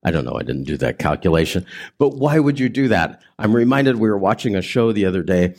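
A male pastor delivers a sermon in a warm, mellow voice. He talks with the congregation, asking them questions and inviting them to repeat after him. His delivery swings between emphatic, raised lines and quiet, hushed ones. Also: fairly low pitch, animated, a little fast. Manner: conversational preaching with audience prompts.

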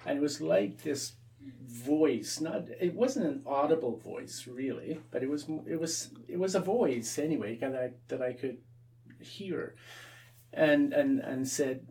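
A man's voice: fairly high pitch, a little slow, a little mellow, recorded from a distance. A Canadian man, an Anglican priest, telling his story as an interview guest, often repeating and restarting his words.

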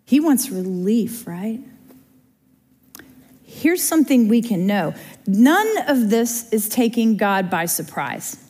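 A woman's voice: medium pitch, lively intonation, slow, a little mellow, husky. A woman teaching a Bible study in a chatty, conversational way, often checking in with her listeners. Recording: long reverb of a large room.

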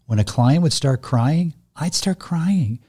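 An older man with a gentle, reflective manner, explaining his therapy practice in a conversational interview. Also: fairly high pitch, animated, slow pace, breathy edge. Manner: gentle, reflective, restarts phrases. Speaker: guest, somatic therapist.

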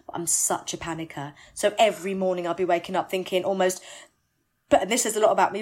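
A woman, a musical theatre actress, chatting candidly in an interview, animated and self-deprecating. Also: mid-range voice. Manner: animated, self-deprecating, rushes words when excited.

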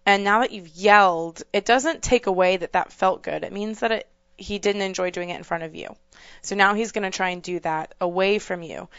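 Female co-host and trainer, smooth resonant voice, dull recording, steady explainer. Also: mid-range voice, moderate pace, no echo. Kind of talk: advice podcast chat.

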